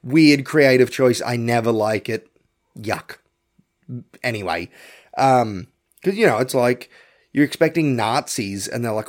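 A man's voice: mid-range voice, lively intonation, unhurried, pauses often. A man, hosting a podcast and rambling bluntly through a profane film review. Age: young adult to middle-aged. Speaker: podcast host. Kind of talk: casual film review rant.

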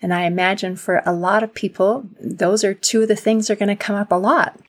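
A woman's voice: medium pitch, steady tone, a little fast. A woman hosting an interview, reflecting on and summing up her guest's points in casual chat. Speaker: podcast host.

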